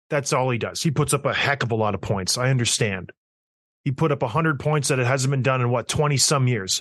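A man's voice: on the high side, fairly bright tone, no room sound, clean studio sound. Ranting man with a raised voice. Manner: blunt, emphatic, ranting and teasing. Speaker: podcast host. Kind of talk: casual opinionated rant.

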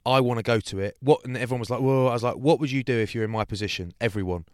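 Rapid-fire and medium-pitched, this podcast co-host chats casually while recounting a story, lively and doing voices for each character. It's studio-quality audio with no room sound.

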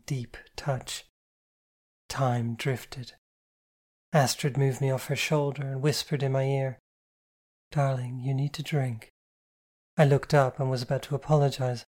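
A reader giving a soft-spoken, even, first-person narration of a novel. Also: medium pitch. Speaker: audiobook reader.

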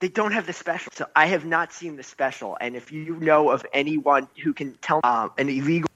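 An American man chatting as a guest over a video call, hesitant and halting, from an office building foyer. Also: fairly high pitch, a bit bright, muffled recording. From United States.

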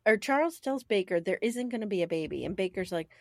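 A woman's voice: mid-range voice, fast, no room sound, studio quality. A woman co-hosting a podcast, recapping a show in casual chat, laughing often and acting out the characters' lines. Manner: animated, laughing, acts out scenes in voices. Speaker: podcast co-host.

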